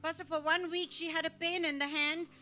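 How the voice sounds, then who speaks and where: A woman's voice: extremely high pitch, level tone, brisk, sharp tone. A woman reporting church testimonies to the pastor in a plain, matter-of-fact way.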